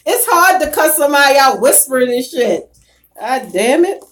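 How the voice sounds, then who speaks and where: Woman YouTuber on a live stream, blunt and foul-mouthed, slightly high voice, big pitch swings, quick to laugh. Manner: profane, blunt and animated; bursts of loud laughter. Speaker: YouTuber reading live chat. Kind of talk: casual live-stream rant.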